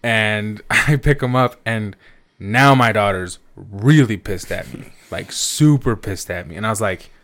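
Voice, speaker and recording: A man's voice: lowish voice, measured pace. Laughing man telling a story. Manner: laughing, swearing, animated storyteller. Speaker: podcast co-host. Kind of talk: casual storytelling chat.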